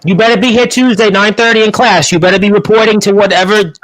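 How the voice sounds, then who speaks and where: A man with a strained voice hosting a heated wrestling panel chat, smoothing things over while others talk over him. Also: sits high, steady tone, fast talker, fairly bright tone, low-quality recording.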